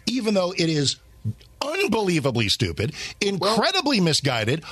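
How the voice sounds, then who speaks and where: A fired-up Texan man hosting talk radio, his pitch swinging wildly as he argues and cuts in. His voice is bright and a little husky, close and dry on the studio mic. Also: wildly swooping pitch, normal speed, no echo. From Texas. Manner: fired up, exasperated, interrupting. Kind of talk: heated radio debate.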